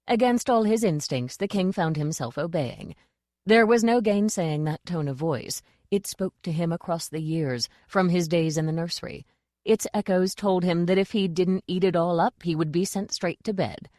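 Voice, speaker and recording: A woman narrating an audiobook in a measured, dry storytelling manner. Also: lowish voice, a little mellow, dry recording.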